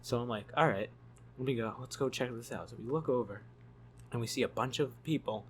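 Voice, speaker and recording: A man's voice: mid-range voice, fairly quick, slight background noise. Rambling, profane male storyteller. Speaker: YouTube storyteller. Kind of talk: casual storytelling vlog.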